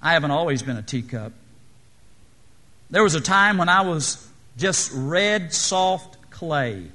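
A small talking teacup protests and pleads, its voice pitched up and bright, as a preacher puts it on. It cries out loudly in a storybook way, sounding desperate. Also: male voice, animated, slow pace, full character voice. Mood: pleading. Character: talking teacup, fired and painted, pleading dramatically.

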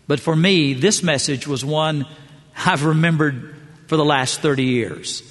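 A middle-aged man preaching a sermon, telling stories with measured pauses. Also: a little high. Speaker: pastor. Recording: long church hall reverb.

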